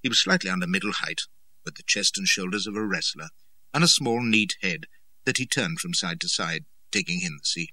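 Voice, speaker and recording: A man narrating a first-person adventure story, expressive and dramatic. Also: low-pitched, brisk, no echo. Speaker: audiobook narrator.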